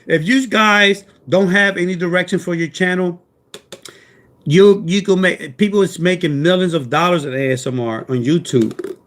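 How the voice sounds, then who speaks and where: A man hosting a live stream, talking loudly and jokily, rambling and calling out chat members by name. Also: sits high, normal speed. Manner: loud, joking, rambling, talks to chat by name.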